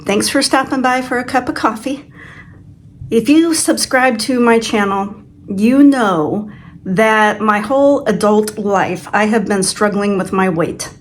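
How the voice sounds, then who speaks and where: A woman's voice: medium pitch, measured pace, a little hiss or hum. A woman in her sixties hosting her own vlog, telling a personal story in a chatty, self-deprecating way. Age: 60s. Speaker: channel host. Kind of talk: casual vlog chat.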